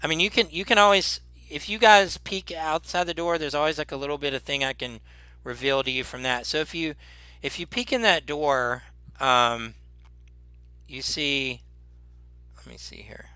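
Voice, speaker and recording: Brief: male game master, bright slightly high voice, dry close sound, rambling narration. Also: smooth, no room sound. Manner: rambling, halting, laughs often.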